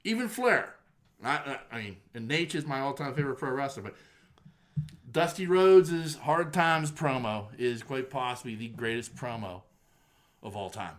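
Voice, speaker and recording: Excitable rambling podcast host, man. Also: mid-range voice. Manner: excited rambling with quick restarts. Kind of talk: casual chat.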